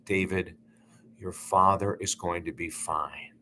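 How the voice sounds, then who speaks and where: A man voicing his gentle late mother, speaking in a soft, hushed, tender way. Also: deep voice, steady tone, normal speed, a little hiss or hum. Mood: gentle, reassuring.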